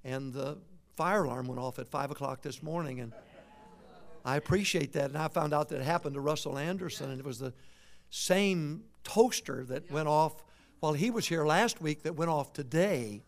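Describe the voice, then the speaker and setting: An older man from Michigan preaching a revival sermon, swinging from shouts to quiet folksy storytelling with humorous asides. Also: a little high, moderate pace, creaky. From Michigan, USA. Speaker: visiting preacher.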